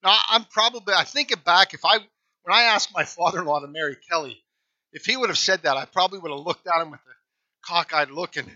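A man's voice: fairly high pitch, fairly quick, sharp tone, dry recording, lo-fi sound. A male pastor telling a folksy story in a conversational sermon.

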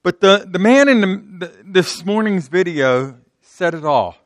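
High-voiced man preaching off the cuff. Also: lively intonation, unhurried, no echo, clean studio sound. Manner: conversational, repeats words, restarts sentences. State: slight sore throat. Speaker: pastor. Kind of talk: off-the-cuff sermon. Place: church.

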